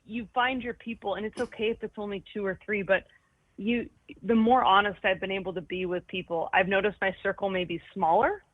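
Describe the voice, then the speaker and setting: A woman's voice: mid-range voice, steady tone, a little fast, dry recording. A woman talking frankly and with self-mocking humour as a guest, often restarting her sentences. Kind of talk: candid conversation about anxiety. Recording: tinny phone-like line, dry.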